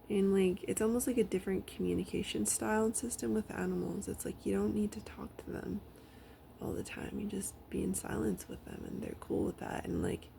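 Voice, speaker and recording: A woman with a strongly gravelly, creaky voice tells a relaxed personal story, full of fillers, now and then sinking into a whisper. Her pitch sits in the middle range. A faint hiss of noise stays under the recording. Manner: rambling, frequent fillers, drops into soft whispers. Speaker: vlogger. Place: at home with her dog.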